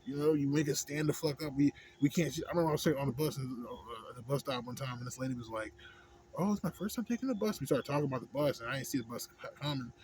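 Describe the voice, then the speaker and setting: A man rants to camera in a loose, profane vlog monologue. He circles back on his points and keeps checking in with "you know what I'm saying." His voice sits at an ordinary middle pitch, with a faint hiss of noise behind it. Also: fairly even intonation, very fast, few pauses, a little mellow. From Houston, Texas. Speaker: vlogger.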